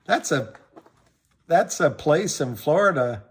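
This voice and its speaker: Slow, rambling man hosting a livestream. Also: on the high side, lively intonation. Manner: rambling, greets viewers by name and place; trails off and restarts, laughs often. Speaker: livestream host. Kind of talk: casual livestream talk to viewers.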